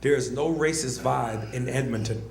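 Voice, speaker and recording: A man doing a stand-up comedy set, loud and animated, with profane, punchy crowd address and bursts of shouted grunting noises. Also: medium pitch, moderate pace, creaky. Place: comedy club stage. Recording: echoey club with audience ambience.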